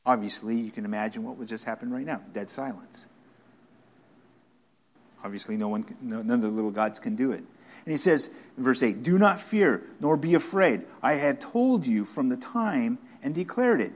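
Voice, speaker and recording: A man preaching a sermon, acting out the words of God with questions, repetitions and dramatic pauses. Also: mid-range voice, expressive. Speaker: pastor.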